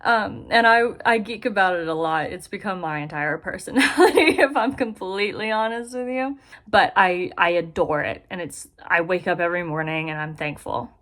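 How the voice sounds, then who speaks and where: With a fairly low, fairly bright voice at normal speed, a young vlogger updates her camera on her life from the bedroom she's moving into. She's casual, chatty, giggly, and quick to laugh at herself.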